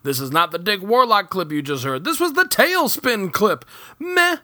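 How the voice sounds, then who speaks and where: Podcast host, man, solo aside from a home kitchen, rambling and self-mocking, lively up-and-down delivery, dry close sound. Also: high voice, normal speed, no echo. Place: home kitchen recording setup.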